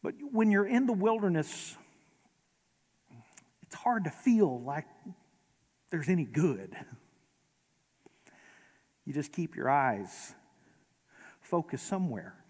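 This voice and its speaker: A man preaching a sermon as pastor, conversational and gently humorous, in a large church sanctuary. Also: a little high, lively intonation, slow pace, long pauses. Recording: long reverb of a large hall.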